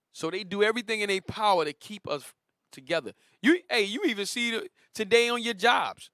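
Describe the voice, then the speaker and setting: Male teacher leading a scripture lesson, emphatic and repetitive, fairly high voice, dry sound. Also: moderate pace, pushed and bright, no echo. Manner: emphatic, repetitive, directs the reader. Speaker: Bible class teacher. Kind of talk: religious lesson.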